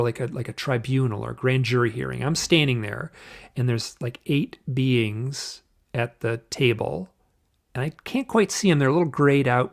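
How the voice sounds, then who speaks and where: A man telling a personal story in an interview, halting and restarting often, acting out the voices of the people he quotes. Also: mid-range voice, gravelly. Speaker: guest.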